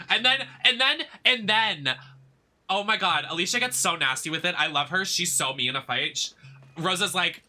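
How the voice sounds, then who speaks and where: A man's voice: sits high, lively intonation, moderate pace, pushed and bright. A man giving casual gameplay commentary, gossipy and chatty, swearing freely. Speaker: gaming streamer.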